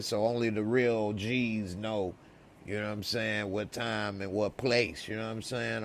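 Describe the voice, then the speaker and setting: Slow-talking laid-back man reviewer. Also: lowish voice, slight background noise. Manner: laid-back slang, laughing. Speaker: TV show reviewer. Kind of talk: casual live-stream chat.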